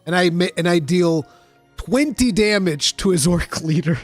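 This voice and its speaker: A man casually chatting on his stream while building models, his voice nasal and stuffy from allergies, telling stories in an animated, swearing way. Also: sits high, moderate pace, no room sound, soft background music. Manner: animated, profane storytelling.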